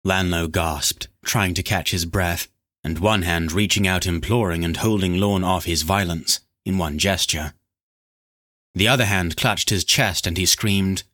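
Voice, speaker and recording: A man narrating a fantasy novel chapter in a steady, dramatic storytelling manner. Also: low voice, measured pace. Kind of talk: scripted audiobook narration.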